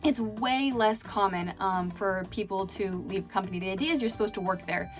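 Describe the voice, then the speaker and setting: A woman's voice: mid-range voice, a little fast, faint music behind. A woman telling stories in a casual vlog, chatty and full of fillers. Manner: chatty, filler-heavy, laughing now and then. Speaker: vlogger and former chat host.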